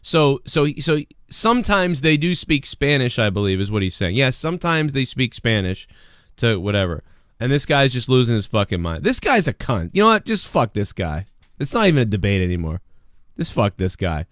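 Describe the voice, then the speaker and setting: A man riffs loosely on a video as host, swearing often and rambling. His pitch swings widely from phrase to phrase, and the sound is dry and close. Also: big pitch swings, moderate pace, no echo. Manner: rambling, swears a lot, mocking shouted impressions. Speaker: show host reacting to a video. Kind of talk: casual profane commentary.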